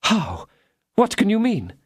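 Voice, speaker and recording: A man's voice: wildly swooping pitch, slow, husky, no room sound, studio quality, heavily acted. A man reading an audiobook, voicing an outraged queen in a raised, indignant voice. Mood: alarmed. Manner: pleading, indignant, raised high voice. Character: proud outraged queen, a woman.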